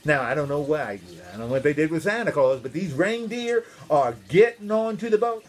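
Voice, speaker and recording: Man, minister, children's storyteller, high lively voice, playful, asks questions. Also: normal speed, few pauses. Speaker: minister telling children's stories.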